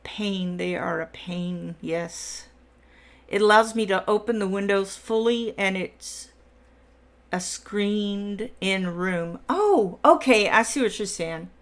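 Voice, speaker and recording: A middle-aged woman hosts a relaxed coloring livestream, chatting as she colors and reading out viewer comments to answer them. Her voice is medium-pitched and fairly bright, and she speaks slowly.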